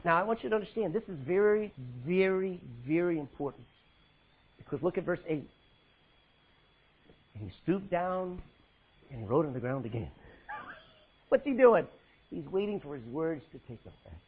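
A male preacher delivering an emphatic sermon, swinging from loud, high calls to low, hushed lines. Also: big pitch swings, normal speed, pauses often, husky, phone-quality sound.

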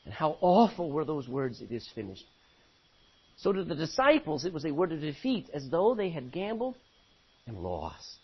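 A man preaching a sermon, animated, acting out voices from the scripture he reads. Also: on the high side, a little fast, hardly any pauses, breathy edge. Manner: animated, acts out biblical voices. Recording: dull lo-fi recording.

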